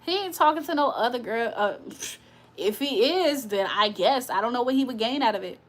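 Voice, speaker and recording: A woman's voice: a little high, expressive, brisk. A woman hosting a casual livestream, talking to her viewers in a blunt, profane, confrontational way. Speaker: livestream host. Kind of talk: casual live chat to viewers.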